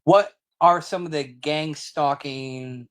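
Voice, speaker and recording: A man's voice: fairly high pitch, slow. A man interviewing a guest, hesitant and repeating words before his questions.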